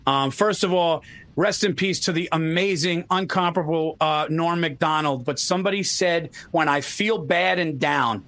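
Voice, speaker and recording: A man in casual chat on a video call, excitedly retelling jokes with plenty of swearing. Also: a little high, moderate pace, a little hiss or hum.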